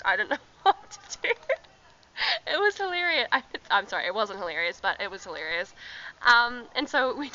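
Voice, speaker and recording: A woman's voice: medium pitch, bright, forceful tone, highs cut off, a little hiss or hum. A young woman telling a travel story to her camera in a chatty vlog, laughing often and filling with ums and likes. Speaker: travel vlogger. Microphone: handheld camera.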